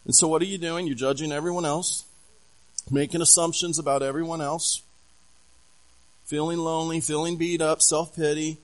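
Man preaching a lively sermon. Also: on the high side, normal speed, pauses often, low-quality recording. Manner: animated storytelling, asks the congregation questions. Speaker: pastor.

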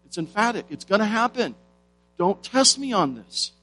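Guy preaching a sermon, slightly high voice, leans hard on key words, quiet guitar behind. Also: big pitch swings, poor audio. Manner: emphatic, rhetorical questions, slows for stress.

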